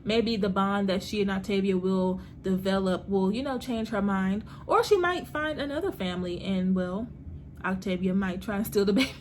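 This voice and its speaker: A woman hosting her own vlog, chatting about a TV series in a lively, slangy way and laughing often. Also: medium pitch, normal speed, a little hiss or hum. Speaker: host reviewing a TV series. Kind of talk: casual TV recap vlog.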